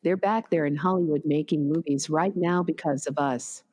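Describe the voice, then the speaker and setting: Robot reading of a swearing, raging movie star in a woman's synthetic voice, slightly low, flat machine delivery. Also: normal speed. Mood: angry rant. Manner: flat synthetic delivery of profanity-laden rant. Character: furious male movie star swearing at crew. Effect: text-to-speech voice.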